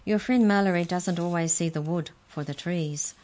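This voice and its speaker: A woman voicing a caged mouse who speaks in a careful, measured, thoughtful way. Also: lowish voice, darkish tone, natural voice.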